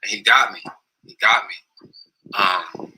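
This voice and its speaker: A man's voice: on the low side, slow pace, bright, forceful tone, a little hiss or hum, poor audio. A man telling a personal story in a casual, slangy, rambling way with many restarts. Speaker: guest.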